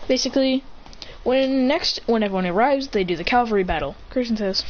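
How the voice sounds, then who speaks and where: A woman's voice: on the high side, expressive, brisk, a little hiss or hum. Rambling woman telling a fan story. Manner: rambling, self-correcting. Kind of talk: improvised fan story narration. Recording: dull lo-fi recording.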